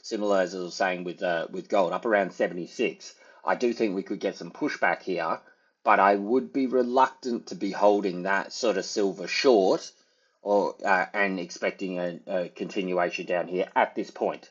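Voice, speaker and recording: A man's voice: low voice, normal speed, husky, highs cut off. A man, giving casual, rambling market commentary as a trader, full of fillers and hedges. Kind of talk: casual market analysis over charts.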